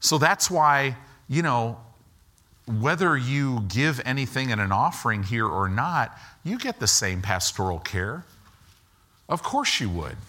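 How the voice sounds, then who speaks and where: A man preaching a sermon as pastor, slowing for emphasis and acting out quoted lines with rising and falling pitch. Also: big pitch swings, bright, forceful tone. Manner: slow deliberate emphasis.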